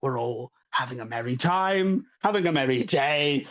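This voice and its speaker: A man voicing a flamboyant male festival host in a fancy suit, announcing to a crowd in a high showy voice. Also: expressive, moderate pace, a bit bright, dull audio, close to an everyday voice. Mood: grandiose.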